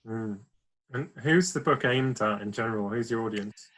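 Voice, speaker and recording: A man's voice: fairly low pitch, normal speed, fairly bright tone, poor audio. A man hosting an interview, asking friendly, joking and somewhat rambling questions. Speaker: host, charity board member. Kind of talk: interview host.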